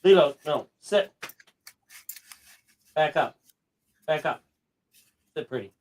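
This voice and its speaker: Slow-talking man commanding his dogs. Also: fairly high pitch, lively intonation, a little mellow. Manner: barks firm short commands at his dogs; chatty and joking, with the odd swear. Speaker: coin-hunting livestream host. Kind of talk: casual chat while training his dogs.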